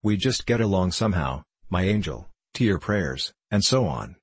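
Gushing, fussy old landowner full of endearments, read by a man in a low, husky voice for an audiobook play. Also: lively intonation, moderate pace, dry recording, exaggerated voice. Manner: showers everyone with pet names. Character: effusive elderly male landowner, gushing and fussy.

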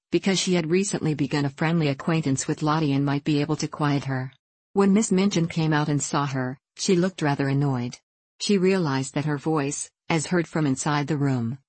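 A reader narrating a classic children's novel in a steady, measured way. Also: medium pitch, dry recording. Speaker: audiobook reader. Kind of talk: scripted storybook narration.

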